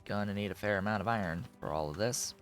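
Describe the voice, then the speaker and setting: A man's voice: fairly low pitch, quick pace, soft background music. A man streaming a game, muttering offhand, dry remarks to himself as he builds. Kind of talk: casual gameplay commentary.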